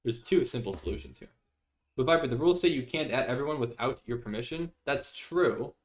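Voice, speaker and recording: A man's voice: medium pitch, expressive, fairly quick. A young man streaming live, chatting casually with viewers, reading their messages aloud and laughing often.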